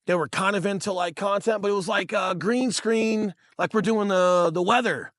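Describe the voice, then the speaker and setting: Here the pitch sits high and a bit bright, at a normal speed, over a dry, clean studio recording. The speaker is a real estate agent in his thirties co-hosting a podcast, telling casual, profanity-laced stories and calling his listeners bro and dude.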